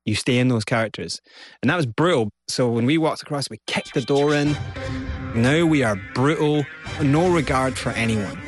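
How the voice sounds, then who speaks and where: A man's voice: medium pitch, normal speed, music in the background. A man from Scotland with a Scottish accent, a guest telling his story in an interview and acting out what people said. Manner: animated, acts out quotes.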